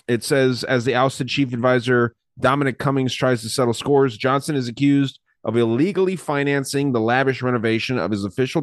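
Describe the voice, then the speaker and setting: A man's voice: mid-range voice, no echo, clean studio sound. A man hosting a casual podcast chat, rambling and swearing casually while reading from his notes. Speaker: podcast host.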